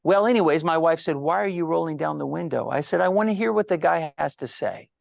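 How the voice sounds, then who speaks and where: A middle-aged man with a gravelly, fry-edged voice tells animated stories as an interview guest. He jumps into the voices of the people he quotes. The sound is close and dry, with no room echo. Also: on the high side, quick pace. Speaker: guest psychologist. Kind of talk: storytelling interview answers.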